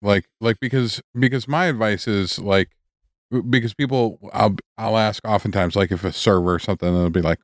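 A man's voice: lowish voice, fairly quick, dry recording. A man co-hosting a podcast, musing in easygoing casual chat with dry humor. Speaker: podcast co-host.

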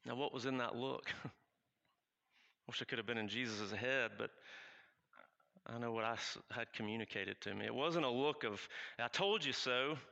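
A guilt-stricken apostle, as a man acts him out speaks in a confessional first-person monologue. His voice is bright and edged, with a gravelly fry beneath the words. He halts and restarts, urgent and raw. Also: medium pitch, moderate pace, long pauses, muffled recording. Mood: reflective. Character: remorseful male apostle recounting his denial.

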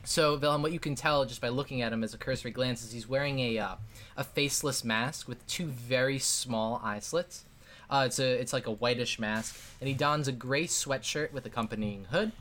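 A man's voice: mid-range voice, moderate pace, fairly bright tone. A man narrating a tabletop game as game master in a casual, rambling way with many fillers.

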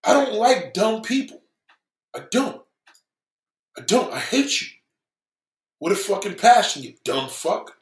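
A man's voice: high-pitched, big pitch swings, a little slow, long pauses. Profane, combative man ranting in echoey room. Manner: swearing, combative, mocking, repeats himself. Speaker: livestream host reading viewer comments. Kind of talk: profane livestream rant.

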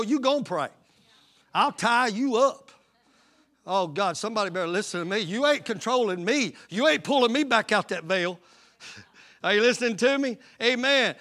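Here a pastor delivers an impassioned sermon in a very high, bright, forceful voice. Lines come back again and again as he calls out to the congregation, drawing them into fervent call-and-response.

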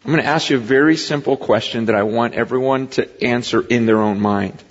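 A pastor giving a sermon in a conversational preaching style that rises into impassioned emphasis, recorded in a large hall. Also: male voice, mid-range voice, fairly quick. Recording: muffled recording with long hall reverb.

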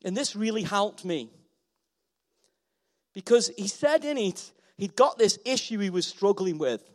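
A man delivers a sermon to a church hall, with a fairly high pitch for a man. He talks with passion and repeats his phrases for emphasis. His voice swells loud and then drops soft. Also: animated, a little slow. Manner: passionate, rising and falling in volume, repeats phrases. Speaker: pastor.

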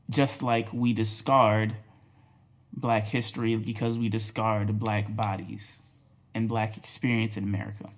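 A man hosting a solo podcast commentary, talking emphatically, repeating key phrases and laughing between points. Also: medium pitch. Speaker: podcast host.

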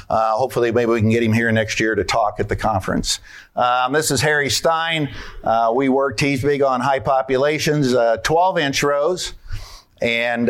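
A man's voice: medium pitch, fairly bright tone. A man giving a folksy conference talk on farming, asking the audience questions and walking through his slides.

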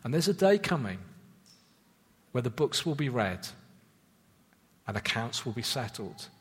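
A man preaching a sermon in an earnest, measured way, dropping low for emphasis and repeating words as he restarts thoughts. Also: sing-song, husky. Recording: long reverb of a church hall.

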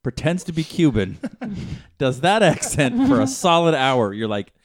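A man's voice: a little high, very animated, a little slow. A man from Boston co-hosting a comedy podcast, riffing and joking in casual chat. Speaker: podcast co-host.

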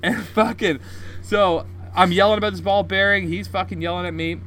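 A man telling a story on a casual podcast, swearing often and animated. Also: sits high, brisk, slight background noise. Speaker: podcast co-host.

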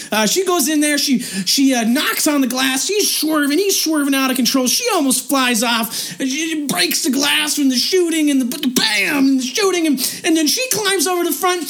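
A woman hosting a podcast, telling a comic story in a rambling way full of restarts and fillers, and shouting in the action scenes. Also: sits high. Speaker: podcast host. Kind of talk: comedic storytelling.

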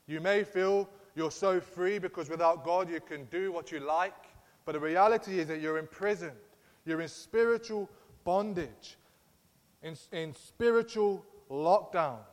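Earnest preacher in an echoing hall. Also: male voice, fairly high pitch. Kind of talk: sermon. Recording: long reverb of a large hall.

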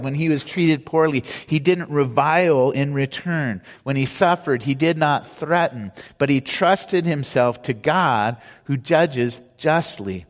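Man preaching in a reverberant hall. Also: mid-range voice. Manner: conversational preaching with personal anecdotes. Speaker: pastor. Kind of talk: sermon. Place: church.

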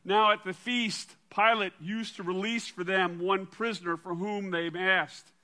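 A man preaching a sermon and reading scripture aloud in a dramatic way, dropping to a quiet low voice for emphasis. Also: steady tone, measured pace. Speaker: pastor.

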